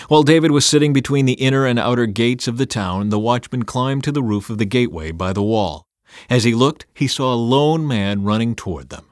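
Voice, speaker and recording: A man reading scripture aloud in a measured, steady scripted narration. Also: on the low side, no room sound, studio quality. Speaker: scripture reader.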